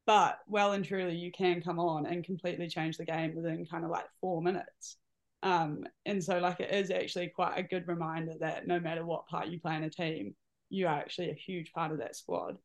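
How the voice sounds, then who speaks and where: A woman with a New Zealand accent hosting a casual sports chat, animated and slangy, calling her guest "mate". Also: on the low side, fairly quick. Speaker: podcast host, teammate.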